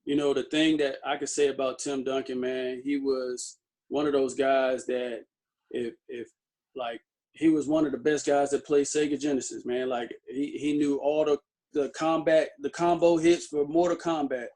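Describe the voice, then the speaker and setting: A man's voice: mid-range voice, flat delivery, moderate pace, a little mellow. A man who is a guest in a casual interview, telling stories loosely with lots of fillers and restarts.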